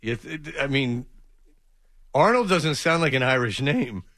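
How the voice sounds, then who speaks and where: A man's voice: mid-range voice, animated, measured pace, fairly bright tone, no room sound, clean studio sound. A man hosting sports radio, poking sarcastic fun at an interview. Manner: sarcastic, mocking. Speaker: radio host.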